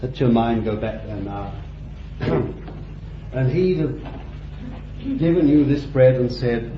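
A man preaching a sermon with deliberate phrasing, climbing to fervent high peaks and then dropping low and quiet. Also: slight background noise. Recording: dull lo-fi sound in a roomy hall.

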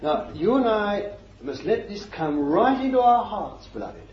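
A man's voice: sits high, big pitch swings, measured pace, slight background noise. A man preaching a sermon in a fervent, emphatic way, repeating his phrases for stress. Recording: echoey, dull lo-fi recording.

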